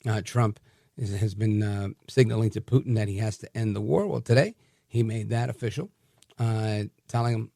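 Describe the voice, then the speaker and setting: A male radio host delivers heated, opinionated commentary in a gravelly voice. He stumbles and restarts as he pushes his points. The studio sound is close and dry. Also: lowish voice, moderate pace, dry recording. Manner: animated and combative, many restarts. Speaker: radio talk show host.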